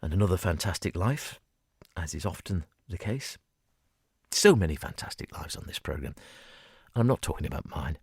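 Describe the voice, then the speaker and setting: A man's voice: low-pitched, lively intonation, moderate pace, darkish tone. A man presenting a radio music show in a studio, chatty and digressive, chuckling as he goes. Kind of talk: casual music-show chat.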